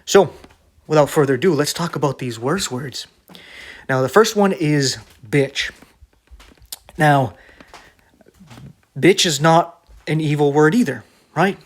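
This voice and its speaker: A man preaching straight to his viewers in a casual, conversational way. His voice sits a little high for a man. He argues bluntly and keeps tagging his points with a quick "right?". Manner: blunt, argumentative.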